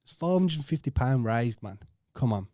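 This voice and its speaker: A man's voice: mid-range voice, animated, normal speed, dark tone. A Yorkshire man hosting a casual podcast, laid-back and swearing freely as he chats. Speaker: podcast host.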